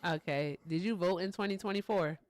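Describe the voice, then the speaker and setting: A woman's voice: on the low side, brisk. A woman hosting a casual livestream, playful and teasing, laughing often as she quizzes callers. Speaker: livestream host.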